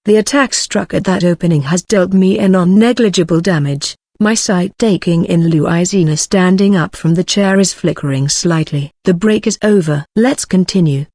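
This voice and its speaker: A text-to-speech voice narrating an audiobook in an even, mechanical way. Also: mid-range voice, moderate pace, hardly any pauses, no echo, studio quality.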